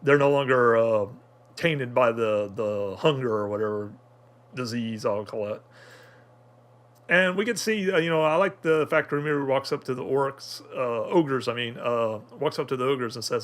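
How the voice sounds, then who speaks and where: A man's voice: medium pitch, moderate pace. A man talking through an anime episode in casual review commentary, rambling with many fillers and restarts.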